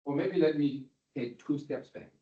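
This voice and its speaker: A man's voice: a little high, moderate pace. Man, university lecturer, quizzing students, echoey room, muffled sound. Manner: questioning, checks understanding often. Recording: roomy, dull lecture-hall recording.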